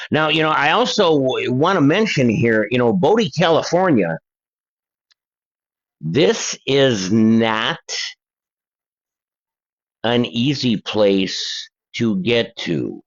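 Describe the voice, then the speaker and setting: Older male host, slow and chatty, reads viewer letters. Dull lo-fi sound. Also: mid-range voice, sing-song. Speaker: paranormal channel host. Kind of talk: casual reading of letters and articles.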